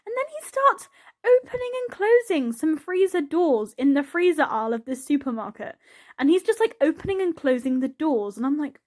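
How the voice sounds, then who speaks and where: A woman with a high voice talks casually over her gameplay footage. She rambles, giggles and peppers everything with "like", sounding chatty and unguarded. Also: big pitch swings, moderate pace. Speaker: YouTuber narrating a game build.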